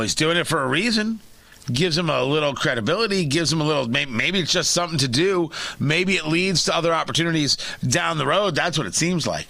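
Animated, sarcastic talk radio man. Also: on the high side, no room sound. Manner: sarcastic, emphatic, repeats and restarts phrases. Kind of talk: opinionated radio commentary.

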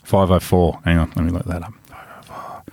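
A man's voice: low-pitched, flat delivery, a little fast, warm tone, no room sound, studio quality. A man co-hosting a podcast, chatting casually and joking around. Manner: jokey, chatty, swears casually. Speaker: podcast co-host. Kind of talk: casual banter.

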